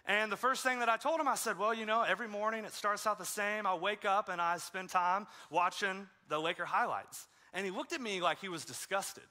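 A man's voice: high-pitched, fairly quick, hardly any pauses, bright, forceful tone. A man preaching a conversational sermon as a pastor, telling stories in a casual way with self-deprecating humor. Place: church sanctuary.

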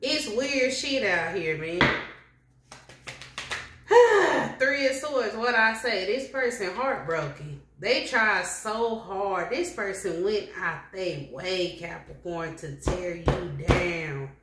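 A woman reading tarot cards for her viewers in a blunt, slangy, animated way. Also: mid-range voice, slow pace. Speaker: tarot reader. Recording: echoey room with faint noise.

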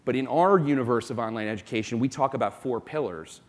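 A man from South Florida speaking as a company executive on a conference panel, emphatic and quick to make his point. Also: medium pitch. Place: conference hall. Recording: long reverb of a conference hall.

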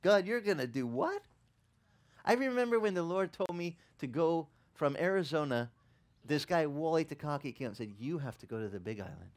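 A middle-aged man preaching a sermon as pastor, telling the story with animated acted-out quotes and laughter. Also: a little high, a little fast.

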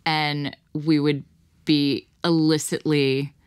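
A woman's voice: sits low, level tone, slow, clear, resonant tone, no room sound, clean studio sound. A woman in an intimate late-night podcast chat, candid and giggly.

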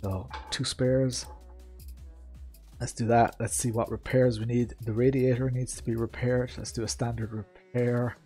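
Streaming a rally sim over soft background music, this man speaks a little slowly in a mellow, medium-pitched voice with a level tone. His gameplay commentary wanders chattily, packed with fillers and remarks to his chat.

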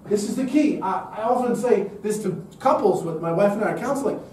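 A man lectures emphatically to a gathered audience and drives his points home with rhetorical questions. His voice sits high for a man but has a mellow, dark tone. He is picked up from a distance in a very echoey room. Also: animated, fairly quick, a little hiss or hum. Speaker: speaker at a public event. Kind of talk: lecture-style talk.

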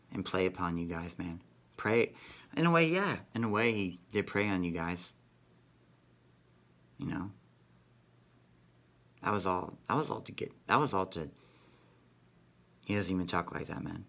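A man's voice: deep voice, creaky, fairly bright tone. A man vlogging in a rambling, profane monologue, ending nearly every sentence with "man". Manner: rambling, repeats "man" constantly; profane, conspiratorial.

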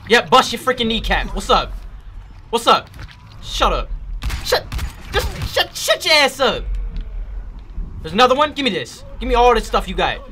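A man playing a video game and commenting live, excitable and loud, trash-talking enemies and swearing when scared. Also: very high-pitched, a little hiss or hum. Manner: trash-talks enemies in a playful street tone. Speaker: gaming YouTuber. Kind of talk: let's play commentary.

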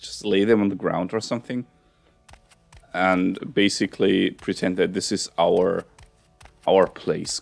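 A man's voice: fairly low pitch, vocal fry. A man hosting a let's-play, chatting casually about what he is doing in the game, rambling and joking at his own expense, on a headset mic. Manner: rambling, chatty, self-mocking. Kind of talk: casual gameplay commentary.

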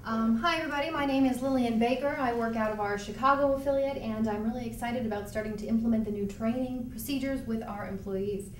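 A woman's voice: on the high side, quick pace, hardly any pauses, noisy background. Upbeat woman introducing herself. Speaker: employee at an affiliate office. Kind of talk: short meeting introduction. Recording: echoey room from far off.

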